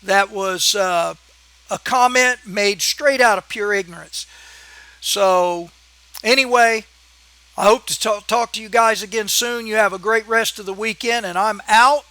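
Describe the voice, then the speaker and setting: A man's voice: sits high, a little slow, bright, forceful tone, no echo. A man hosting his own channel, delivering a heated, emphatic political rant and scolding his critics. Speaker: channel host. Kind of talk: ranting political vlog monologue.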